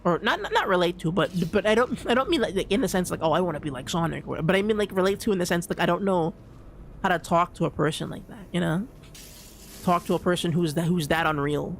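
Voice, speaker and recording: Rambling game streamer, gravelly voice, faint background noise, lots of restarts, casual commentary. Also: mid-range voice, fast. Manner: rambling, full of restarts and repeats; calls people "dude".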